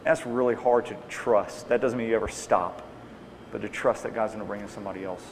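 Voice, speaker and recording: A man's voice: fairly low pitch, fairly even intonation, fairly quick. A man answering audience questions on evangelism in an earnest, plainspoken way, restating each question before he answers. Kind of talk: Q&A talk. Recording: long reverb in a hall, faint noise.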